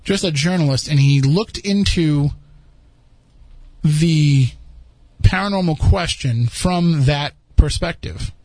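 A man's voice: a little high, takes it slowly, darkish tone, dry recording. A man hosting a podcast, chatting casually and rambling with frequent restarts. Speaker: podcast host. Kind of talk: casual chat.

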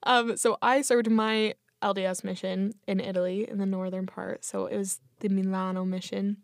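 A woman's voice: medium pitch, level tone, normal speed, creaky, dry recording, studio quality. A young adult woman hosting a podcast, upbeat and giggly in casual chat. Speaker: podcast host.

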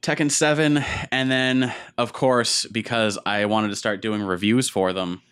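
A man with a fairly low, clean and resonant voice hosts a loose gaming chat. He rambles through his anecdotes and acts out what other people said along the way. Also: steady tone, measured pace, fairly bright tone, clean tone. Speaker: podcast co-host.

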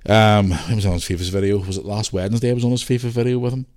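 Low-voiced belfast guy rambling on his podcast, lots of ums and restarts, bit of swearing. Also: fairly even intonation, fast, darkish tone. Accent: Northern Irish (Belfast). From Northern Ireland. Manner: rambling, chatty, with frequent restarts, fillers and the odd swear. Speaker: podcast host. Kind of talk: casual solo podcast chat.

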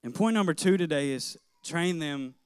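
Middle-aged guy preaching, kinda high voice, smooth and clear, dry close sound, earnest storytelling. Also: lively intonation, normal speed, a little mellow, no room sound. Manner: earnest, personal storytelling with light laughter. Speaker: pastor. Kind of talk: sermon.

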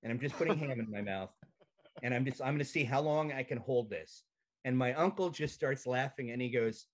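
A male comedian telling a profane, animated comic story as a podcast guest over a video call. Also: mid-range voice, normal speed.

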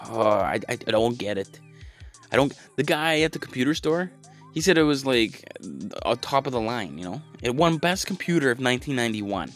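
A man's voice: mid-range voice, lively intonation, normal speed, a bit bright, soft background music, pitched above the performer's own voice, lightly acted. A man playing a flustered caller who fakes being clueless about his computer, stammering and apologizing as he rambles. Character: flustered clueless man faking computer trouble on a phone call.

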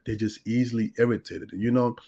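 A man's voice: mid-range voice, flat delivery, fairly quick, dark tone, dull audio. A man who works as a deliverance minister, explaining his views earnestly in a conversational teaching style and building his points through repeated lists. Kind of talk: conversational teaching on a talk show.

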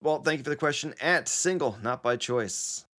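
A man's voice: medium pitch, lively intonation, normal speed, pushed and bright. Laughing, joking male podcast host. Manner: laughs often, loose and joking. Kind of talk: casual chat.

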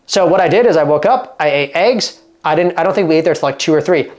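A man in his thirties from Oregon, a fitness coach talking casually to camera in an animated, emphatic way, full of fillers and quick restarts. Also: on the high side. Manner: animated and emphatic, acts out quoted dialogue.

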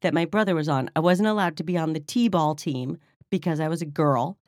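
A woman co-hosting a chatty podcast, her voice a bit low and recorded dry and close. She is playful and quick to push back on her partner. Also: a little mellow, dry recording. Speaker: podcast co-host. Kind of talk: casual banter.

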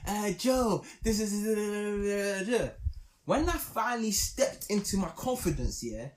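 A young man, telling a story in casual podcast chat, animated and emphatic. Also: high voice, slow.

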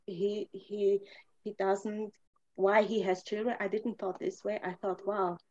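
A woman's voice: medium pitch, little pitch movement, a little slow, a little mellow, muffled recording. A woman speaking as a podcast guest, telling a personal story earnestly in non-native English, with many fillers and restarts. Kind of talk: personal testimony in a conversation.

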